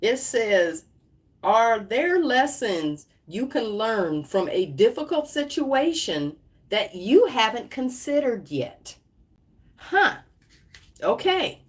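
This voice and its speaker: A woman's voice: fairly high pitch, big pitch swings, takes it slowly, breathy edge. A woman hosting a psychic livestream, chatting casually and laughing often as she pulls oracle cards, drifting through restarts and trailing thoughts. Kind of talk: casual livestream talk with card reading.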